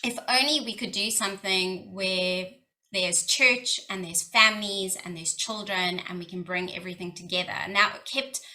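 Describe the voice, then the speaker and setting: A woman's voice: medium pitch, steady tone, moderate pace, pushed and bright, poor audio. A South African woman on a discussion panel, telling her personal story in an earnest, heartfelt way. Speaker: panelist, social worker and charity leader. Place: couch panel conversation.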